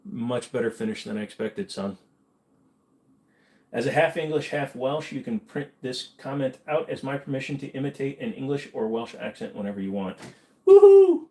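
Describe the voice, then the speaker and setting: A man's voice: mid-range voice, normal speed, a little mellow. A man hosting a casual livestream, rambling and joking as he reads chat comments aloud and answers them.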